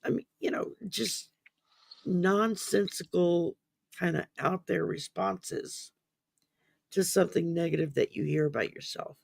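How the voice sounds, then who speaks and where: A man's voice: high-pitched, a little slow, gravelly, dry recording. A man hosting a casual talk about mental wellness, rambling with many ums and restarts, sounding sleepy. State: sleepy, yawning. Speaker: podcast host.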